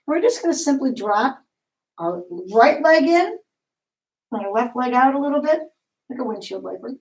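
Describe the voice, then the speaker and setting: A woman leading a yoga class, giving calm, encouraging step-by-step cues. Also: high voice, normal speed, rough recording. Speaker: yoga instructor. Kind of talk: guided yoga class instruction.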